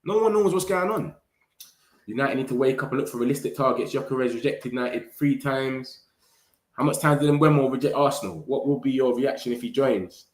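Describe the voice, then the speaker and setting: A man's voice: medium pitch, fairly quick, reverberant. Slangy man hyping live chat. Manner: slangy, animated, hypes viewers. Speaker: fan channel host. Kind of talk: live-stream chat reading comments.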